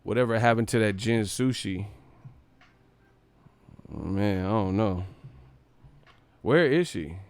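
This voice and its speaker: A man's voice: on the low side, slow pace, pauses often, clean tone, no room sound. A man from the Bay Area hosts a live stream, joking and swearing freely while he riffs casually. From Bay Area, California. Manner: profane, joking, animated.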